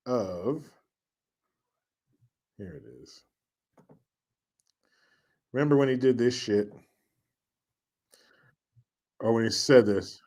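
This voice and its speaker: A man's voice: medium pitch, darkish tone. A man hosting a commentary show, riffing in a profane, mocking rant and repeating catchphrases for laughs.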